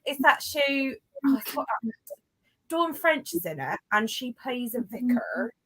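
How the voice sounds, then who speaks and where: Bubbly woman on a video call, higher voice that bounces around, bright and dry. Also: expressive, unhurried, husky, no room sound, low-quality recording. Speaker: guest. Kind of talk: casual chat on a group video call.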